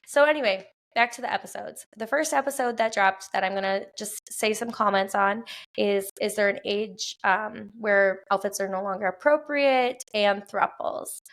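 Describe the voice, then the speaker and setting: Woman, 30s, Wisconsin accent, podcast host, casual chat, fillers and laughs, vocal fry. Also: medium pitch, moderate pace, a bit bright. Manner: chatty, laughs often, frequent fillers. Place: quiet home at night.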